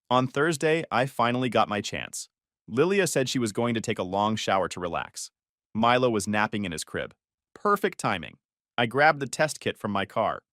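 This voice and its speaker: A man's voice: medium pitch, a bit bright, no room sound, studio quality. A man narrating a first-person story in a confessional, tense tone.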